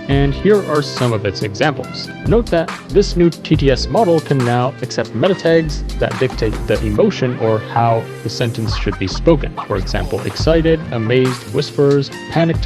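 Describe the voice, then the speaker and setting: A man's voice: medium pitch, low-quality recording. A man hosting a tech news show, explaining a web page in a conversational way as he scrolls. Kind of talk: casual screen-share news commentary.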